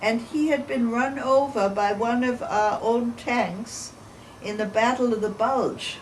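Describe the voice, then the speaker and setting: A woman's voice: a little high, unhurried. A woman in her eighties, a chatty storyteller who laughs between her anecdotes in an oral history interview. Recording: distant mic with background noise.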